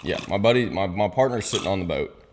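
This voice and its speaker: A young man, a guest on a casual podcast, telling crude jokes and animated stories. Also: sits low, fast talker, a little hiss or hum. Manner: animated, crude joking storyteller. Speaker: guest content creator.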